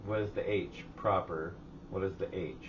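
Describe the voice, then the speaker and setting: Low-voiced man, profane storytelling. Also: fairly even intonation, normal speed, far from the mic, dull audio, noisy background. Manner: profane storytelling, acts out others' lines. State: hot and sweating. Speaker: podcast co-host. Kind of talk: casual chat. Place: home garage.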